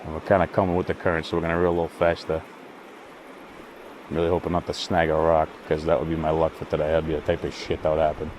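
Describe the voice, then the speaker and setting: Deep-voiced man grumbling outdoors. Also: completely flat delivery, fast, a little mellow, slight background noise. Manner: grumbling, frustrated, profane muttering to himself. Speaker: fishing vlogger. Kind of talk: casual solo commentary. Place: outdoors by cold water.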